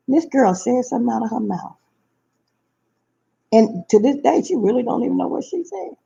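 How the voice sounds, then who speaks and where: A woman tells a personal story, her husky, gravelly voice rising and falling all over. She talks emphatically and repeats her phrases for weight. The recording is dull and lo-fi. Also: on the high side, expressive, moderate pace, dark tone. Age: 50s. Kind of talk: casual storytelling to viewers.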